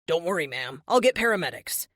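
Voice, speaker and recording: A woman's voice: on the low side, very animated, fairly quick, fairly bright tone, no echo, clean studio sound. A woman reading a stern, commanding middle-aged male police officer in an audiobook. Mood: reassuring.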